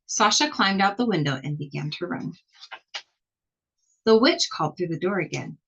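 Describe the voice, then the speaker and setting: A woman with a husky, fairly low voice reads a children's picture book aloud. She tells it slowly and expressively, leaning into the scary parts. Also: low-quality recording. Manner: expressive, slow storytelling. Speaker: storybook reader.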